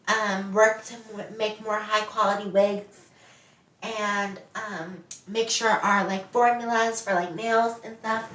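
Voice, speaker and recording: A woman voicing a young reality-show winner who is fussy about her clothes, using a put-on South African accent and speaking earnestly with many pauses and ums. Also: mid-range voice, fairly bright tone. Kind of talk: role-play interview. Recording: roomy, distant from the mic.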